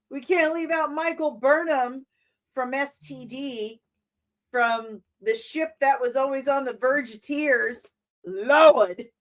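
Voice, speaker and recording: A woman in her forties hosting a casual reaction to a trailer, animated and exclamatory with mock outrage. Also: sits high. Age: 40s.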